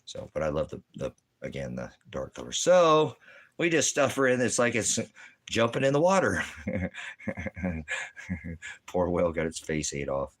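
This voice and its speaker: A man vlogging in casual chat, rambling and repeating himself with halting restarts. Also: sits low, very animated, a bit bright.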